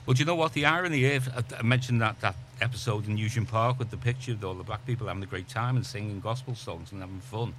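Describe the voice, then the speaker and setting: A man's voice: lowish voice, fast, hardly any pauses, fairly bright tone, slight background noise. A man on a radio panel, agreeing readily and pressing his own points with questions. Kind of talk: casual radio discussion.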